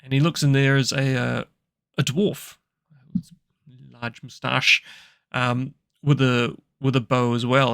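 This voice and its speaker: Brief: gravelly-voiced man running a solo tabletop game, rambling and self-correcting, dry close sound. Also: mid-range voice, little pitch movement, a little slow, a bit bright, dry recording.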